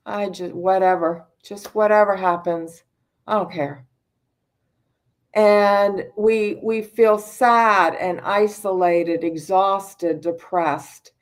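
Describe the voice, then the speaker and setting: A middle-aged woman teaching mindfulness over a video call. She speaks slowly and calmly, and her voice sits at an average pitch. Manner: unhurried, calm instructive tone. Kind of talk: mindfulness talk with guided breathing.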